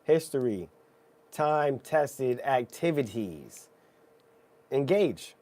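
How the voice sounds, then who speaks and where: A male host with a mid-pitched, mellow, warm voice, leading a casual conversation. He speaks reflectively and often pauses to check in with the listener. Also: very animated. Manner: reflective, often adds "right?".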